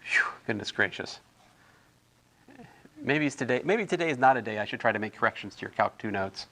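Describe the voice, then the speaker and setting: A man's voice: medium pitch, expressive, racing, a bit bright. A man tutoring physics homework in a casual, thinking-aloud way, correcting himself and adding chatty asides.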